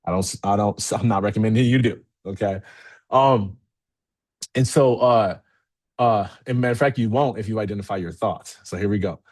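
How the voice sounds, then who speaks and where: A man giving a motivational talk as keynote speaker to a live audience, candid and energetic, often checking in with "okay?". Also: fairly low pitch, fairly quick. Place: event room with a live audience.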